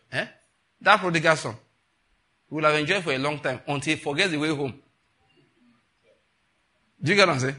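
A man's voice: fairly high pitch, bright, forceful tone. A man preaching a sermon in a conversational way, with rhetorical questions and laughing asides. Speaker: pastor.

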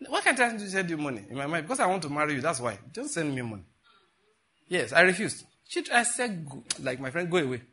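Casting: middle-aged male Nigerian pastor, bright husky tone, animated storytelling sermon. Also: a little high, quick pace. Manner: animated storyteller, bursts into laughing retellings.

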